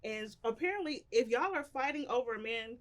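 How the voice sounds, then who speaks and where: A woman with a higher voice telling an animated story in a casual group conversation. She talks openly and keeps her story moving. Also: brisk, slight background noise. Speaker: podcast co-host.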